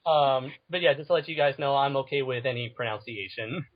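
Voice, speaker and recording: A man speaking as a guest on a casual podcast, in a measured way with stammered starts, over a muffled lo-fi recording. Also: medium pitch.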